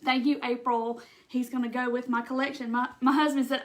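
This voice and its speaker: A woman's voice: high-pitched, level tone, a little fast. A middle-aged woman with a Southern US accent, hosting a casual craft livestream and chatting with viewers. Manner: chatty, warm-hearted, says y'all, tearful at times. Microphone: phone or webcam livestream.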